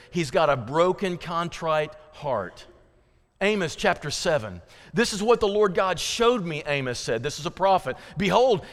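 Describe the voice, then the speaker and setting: A man preaching a sermon as pastor, reading scripture dramatically, swinging between loud pleading and hushed emphasis. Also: fairly high pitch, big-room sound.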